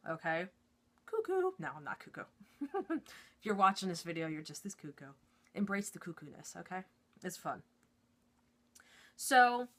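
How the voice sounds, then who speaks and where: A woman's voice: mid-range voice, a bit bright. A woman, an intuitive reader and Reiki practitioner, chatting through a step-by-step lesson in her studio and checking in with frequent "okay?"s. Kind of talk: casual step-by-step teaching to camera. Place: her own studio shop.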